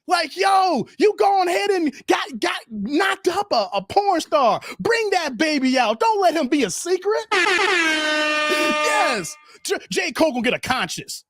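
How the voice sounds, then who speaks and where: A man's voice: very high-pitched, sing-song, a little slow, fairly bright tone, soft background music. A man hosting a live stream, ranting in a casual, riled-up way and talking straight to his chat. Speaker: livestream host. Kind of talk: casual livestream rant.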